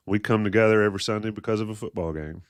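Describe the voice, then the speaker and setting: Low-voiced man hosting a somber sports show. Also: racing, dry recording, studio quality. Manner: somber, hesitant with many fillers. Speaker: podcast host.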